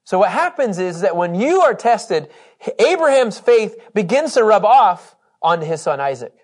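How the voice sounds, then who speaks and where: A man teaching a Bible study, reading scripture with emphasis and talking in an animated, conversational way, laughing often. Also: sits high, normal speed, breathy edge. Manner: reads scripture aloud with emphasis.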